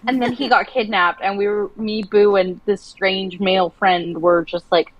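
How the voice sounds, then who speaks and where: A woman's voice: medium pitch, steady tone, normal speed, dry recording, highs cut off. A woman on a livestream, chatting casually and telling a long dream story with many restarts. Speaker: livestream co-host.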